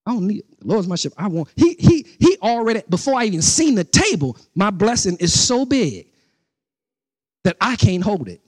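A man's voice: sits high, big pitch swings, moderate pace, no room sound, studio quality. A middle-aged man preaching a sermon as pastor, speaking conversationally with asides to the congregation and building into rising outbursts with repeated phrases.

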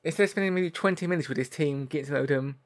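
A man co-hosting a casual podcast, giving loose opinions and often ending phrases with "like". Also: on the high side. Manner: loose, fast, ends phrases with a trailing "like". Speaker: podcast co-host. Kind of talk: casual chat.

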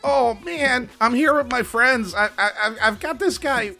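A man's voice: very high voice, a little slow, vocal fry, pushed and bright, pitched above the performer's own voice, heavily acted. A man doing an impression of a flustered young male time traveler who stammers.

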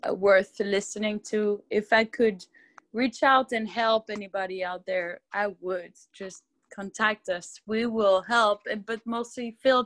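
A woman's voice: mid-range voice, a bit bright, dry recording. A woman with a French accent, a TV videographer talking as a guest in an interview, earnest and heartfelt as she searches for her words. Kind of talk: casual interview talk.

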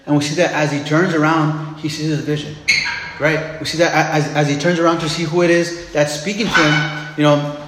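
A man's voice: on the high side, flat delivery, a little fast, roomy sound, in a large hall, noisy background. A man preaching a sermon in a casual, conversational way, repeating words and restarting as he explains scripture.

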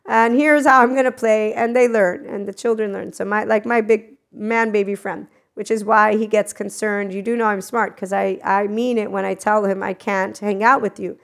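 A middle-aged woman talking in a rambling, animated spiritual monologue, laughing often and acting out quoted dialogue. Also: medium pitch, normal speed, vocal fry, hardly any pauses. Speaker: spiritual channel host.

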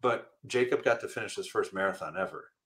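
Man, middle-aged, animated storyteller, interview guest, bright tone. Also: lowish voice, brisk. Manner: animated storyteller, laughs often, acts out quoted voices. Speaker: guest, motivational speaker and firefighter.

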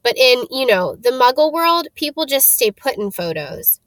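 A curious, polite young schoolboy speaks plainly, voiced by a woman reading aloud. The voice is fairly high. The recording is close and dry. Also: sing-song, moderate pace, fairly bright tone, dry recording.

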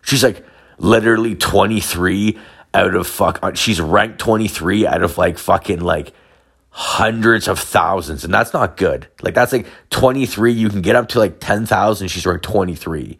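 A man with a very low, gravelly voice tells a confessional story in a loose, rambling way. His sentences are heavy with profanity and filler words, and the fry sits under nearly every phrase. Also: moderate pace, fairly bright tone.

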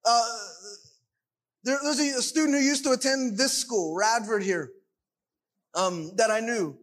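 A man's voice: extremely high pitch, a little slow, fairly bright tone. A man preaching a sermon, emphatic and full of rhetorical questions.

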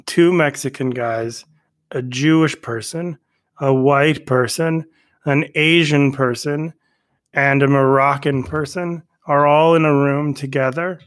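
A man, a comedian guest, telling jokes in deadpan slow setups over a video call. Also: on the high side. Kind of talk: casual podcast chat.

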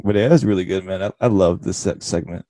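A man's voice: low-pitched, quick pace, dark tone, no room sound. A man co-hosting a casual wrestling podcast, laughing often and acting out wrestlers' lines as he recaps. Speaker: podcast co-host.

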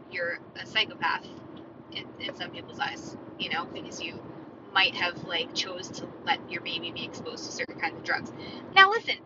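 A woman in her thirties hosting a solo podcast outdoors by a parking lot. She talks in a chatty, opinionated ramble, full of "like" and "right?". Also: medium pitch. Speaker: podcast host. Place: parked outdoors near a store parking lot, car or street sounds behind. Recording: dull lo-fi sound with clear traffic noise.

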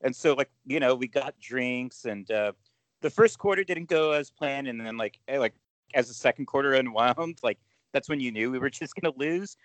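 A man with a mid-pitched voice talks about his evening in a laid-back, teasing way. He is recorded close and dry. It sounds like an easy podcast chat. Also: animated, normal speed, dry recording, rough recording. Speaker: podcast co-host. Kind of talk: casual chat.

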